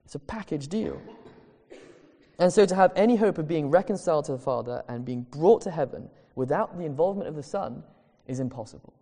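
Earnest preacher in a reverberant hall. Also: male voice, fairly high pitch, animated, dark tone. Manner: earnest, emphatic, slows down for key phrases. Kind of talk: sermon. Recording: long reverb of a large hall.

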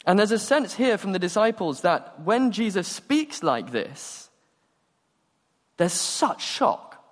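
A man preaching a sermon, telling stories and acting out the dialogue with animated energy. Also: high voice, slow. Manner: animated storytelling, acts out dialogue. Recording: long hall reverb.

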